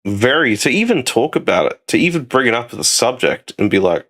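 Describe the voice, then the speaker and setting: A man's voice: mid-range voice, very animated, fairly quick, hardly any pauses, a bit bright. Aussie guy streaming, chatty and rambly, voice jumps around a lot, swears casually. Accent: Australian. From Australia. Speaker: streamer host. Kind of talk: casual chat.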